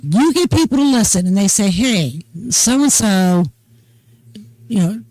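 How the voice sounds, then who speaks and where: An older woman hosting a casual talk show, chatting in a folksy, unhurried storytelling way. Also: medium pitch, animated, a little mellow, dry recording, low-quality recording. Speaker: host. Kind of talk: casual chat.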